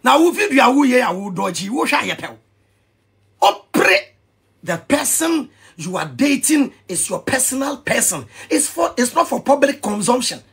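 A Ghanaian man ranting in an animated vlog commentary, excitable and mixing pidgin with Twi. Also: very high-pitched, normal speed, creaky, slightly rough. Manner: excitable, switching between pidgin and Twi, shouting and laughing. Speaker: vlogger.

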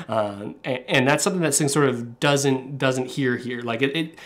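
A man's voice: mid-range voice, normal speed, hardly any pauses, fairly bright tone. Chatty man from Canada commenting on clips. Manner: chatty, many fillers and restarts, reacting to footage. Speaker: finance commentator.

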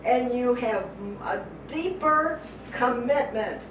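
Slow, heartfelt older woman preaching. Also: fairly high pitch, animated. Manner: heartfelt and emotional, repeats phrases for emphasis. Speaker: guest speaker, missionary. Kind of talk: testimony sermon. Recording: echoey hall from far off, noisy.

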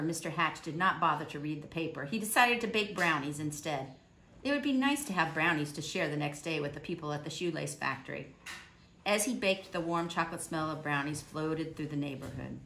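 A woman calmly reading a children's picture book aloud. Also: low-pitched, moderate pace, a little hiss or hum. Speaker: storybook reader.

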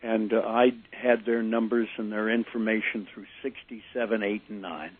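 An older man, a former disc jockey, telling animated stories in an interview, acting out the people he quotes. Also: on the low side, normal speed. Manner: animated anecdote teller, acts out quotes. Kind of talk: storytelling interview. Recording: tinny phone-line sound.

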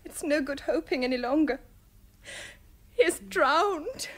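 Guilt-ridden young woman, very high voice, upset, radio drama. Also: expressive, a little slow, background noise. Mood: distraught. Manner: upset, confessional. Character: distraught young woman blaming herself.

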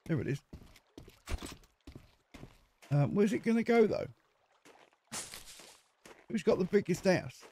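Jokey male gaming host, lively up-and-down delivery, mellow tone. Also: high-pitched, slow, pauses often, a little hiss or hum. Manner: chatty, jokey, talks to himself while playing. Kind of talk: casual let's-play commentary.

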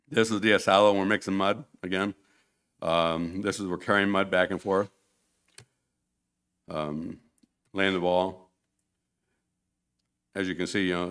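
A deep-voiced man talks a church congregation through his slides from a podium. He rambles in a loose, conversational way and often restarts his sentences partway through. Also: fairly bright tone. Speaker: church mission speaker. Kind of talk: informal church presentation with slides.

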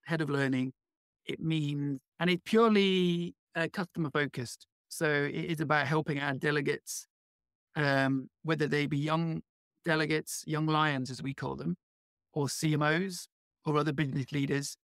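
An Englishman with a British accent, appearing as a podcast guest who heads learning, explains his work in conversational interview answers, friendly and enthusiastic, fluent apart from small restarts. His voice is fairly high and fairly even in intonation, at normal speed, a bit bright and clean. The recording is dry and studio quality.

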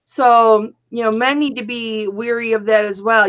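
Blunt, high-voiced woman live-streaming. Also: steady tone, normal speed, a bit bright. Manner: blunt, bossy and teasing. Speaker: host. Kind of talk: casual live-stream chat. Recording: dull lo-fi stream audio.

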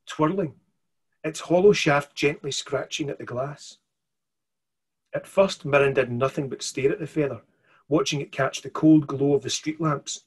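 A man's voice: fairly high pitch, slightly rough. A man, a children's author, reading his story aloud expressively over a video call, then answering questions.

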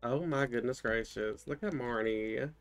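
A man's voice: medium pitch, a little slow. A man casually commentating his own gameplay, thinking aloud and exclaiming at what he finds. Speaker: gaming channel host. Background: game music.

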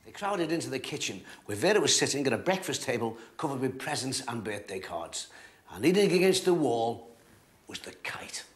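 A man reading a storybook aloud in an expressive, measured way. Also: medium pitch, breathy edge.

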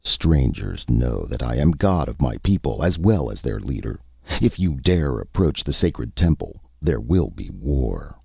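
A boastful alien chief and god-king of a warrior race, as a man reads him, speaking with stern, stately command. The voice sits extremely deep with a gravelly, husky edge. It comes through a dull, muffled lo-fi recording. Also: very animated, a little slow, warm tone, dry recording, heavily acted. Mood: proud, stern.

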